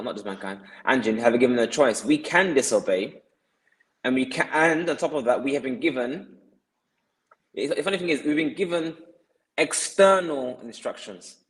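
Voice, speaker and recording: Earnest man explaining, mid pitch. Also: a bit bright, low-quality recording. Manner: earnest, explaining, many restarts and repeated words. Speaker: podcast guest. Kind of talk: explanatory podcast talk.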